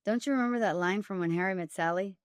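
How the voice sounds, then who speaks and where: A woman with a medium-pitched voice talks fast with no echo, appearing as a guest in a candid storytelling interview. A dating coach and author, she speaks directly and emphatically, with wry humor.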